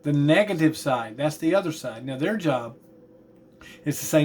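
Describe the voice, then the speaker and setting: A man's voice: fairly high pitch, moderate pace, slight background noise. A man teaching a class, talking in a tired, chatty way with asides about yawning. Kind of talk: classroom lecture.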